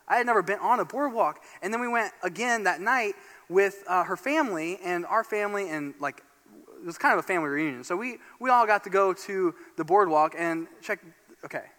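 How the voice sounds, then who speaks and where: A man from Northeast Indiana preaching a sermon as pastor, telling a story in an animated, excitable way. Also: sits high. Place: church sanctuary. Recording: long church hall reverb.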